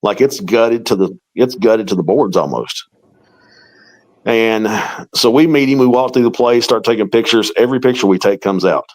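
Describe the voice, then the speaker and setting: A man's voice: on the low side, moderate pace, rough recording. A middle-aged man, a paranormal investigator, telling a long story in an interview and acting out the quoted dialogue.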